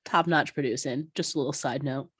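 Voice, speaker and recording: A woman's voice: rumbling low, fairly quick, slightly rough, dry recording, studio quality. A young woman co-hosting a casual TV recap chat, swearing freely and laughing often. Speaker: podcast co-host.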